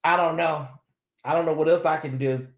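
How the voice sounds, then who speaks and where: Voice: medium pitch, steady tone, normal speed, roomy sound. A livestream host doing sassy, dramatic chat commentary and talking straight to the viewers.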